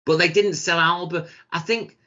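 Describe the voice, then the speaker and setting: A man's voice: fairly high pitch, steady tone, normal speed, pushed and bright. A man, co-hosting a podcast in casual chat, telling stories full of swearing and putting on the voices of the people he quotes. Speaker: podcast co-host. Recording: dull lo-fi sound.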